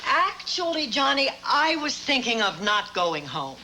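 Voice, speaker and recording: A woman's voice: fairly high pitch, very animated, a little slow, a crowd in the background, low-quality recording. A wisecracking mother in her seventies. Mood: dry. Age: 70s. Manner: dry, wisecracking. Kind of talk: sitcom acting.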